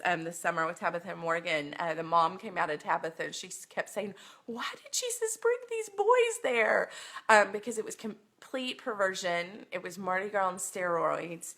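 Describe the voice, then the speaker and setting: A woman's voice: on the low side, steady tone, moderate pace, hardly any pauses, sharp tone. A woman teaching a Bible lesson on a phone livestream, earnest and emotional, with many ums.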